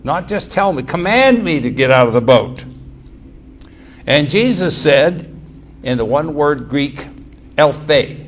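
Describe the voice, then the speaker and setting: A man's voice: fairly high pitch, lively intonation, measured pace, long pauses, slight background noise. A man preaching a Bible-teaching sermon, emphatic and repetitive, often restarting his phrases.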